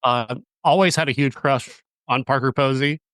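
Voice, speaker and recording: A man hosting a movie review podcast praises a film with eager enthusiasm, his medium-pitched, fairly bright voice staying fairly even in intonation. It's a casual review chat with no room sound, and he stumbles through many fillers and restarts.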